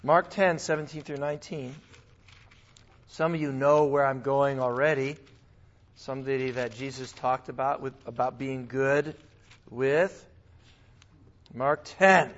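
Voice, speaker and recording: A male pastor preaching a sermon in a conversational, animated way, with asides and small laughs. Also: mid-range voice, measured pace, pauses often, highs cut off.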